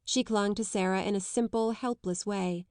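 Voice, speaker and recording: A woman narrating a classic children's novel in a measured, even reading. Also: mid-range voice, smooth, dry recording, studio quality. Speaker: audiobook narrator.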